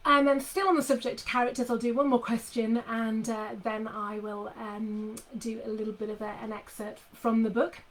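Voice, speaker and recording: A middle-aged woman talks casually with readers from her desk at home. Her voice sits a little high, and she rambles warmly through fillers and restarts as she chats. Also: flat delivery, normal speed, few pauses, poor audio. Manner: chatty, many fillers and restarts. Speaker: author talking to readers. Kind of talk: casual live chat with readers. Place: home office.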